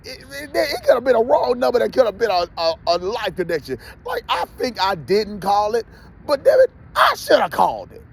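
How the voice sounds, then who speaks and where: A man's voice: very high voice, wildly swooping pitch, normal speed, creaky, husky. A man ranting heatedly to his viewers in a profane, repetitive vlog monologue. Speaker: vlogger.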